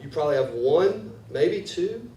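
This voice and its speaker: High-voiced man preaching in an echoey hall. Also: big pitch swings, measured pace, mellow, recorded from a distance, slight background noise. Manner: earnest, repeats words when building a point. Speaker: pastor. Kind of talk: sermon. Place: church sanctuary.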